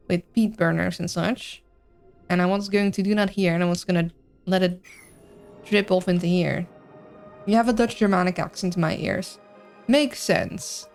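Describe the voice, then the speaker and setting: Excitable woman streaming a game. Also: mid-range voice. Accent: mixed, hard to place. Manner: excitable, rambling, bouncy. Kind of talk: live gameplay commentary, reading chat.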